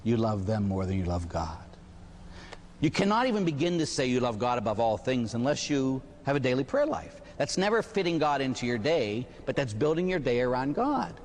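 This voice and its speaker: Animated priest preaching in a reverberant hall. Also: male voice, mid-range voice, normal speed. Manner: animated, joking, acts out voices of parishioners. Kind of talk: sermon.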